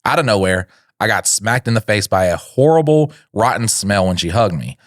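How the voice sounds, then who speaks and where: Low-voiced crude man, podcast comedian. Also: expressive, moderate pace, no room sound, studio quality. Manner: rambling, crude, acts out silly voices. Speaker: podcast co-host. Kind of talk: comedic reaction chat.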